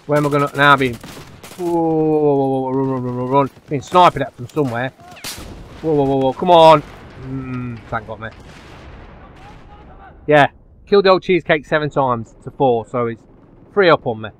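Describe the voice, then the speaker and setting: A man giving live commentary over his own online shooter match, dropping to low muttering and then yelping loudly when the action heats up. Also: moderate pace, long pauses, a little hiss or hum. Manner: excitable, swings from low muttering to loud yelps. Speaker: gaming YouTuber.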